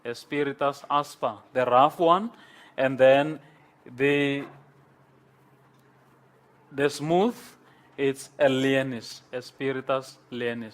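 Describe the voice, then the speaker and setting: A man lecturing a class on Greek, slow and halting, with many pauses and repeated words. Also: medium pitch.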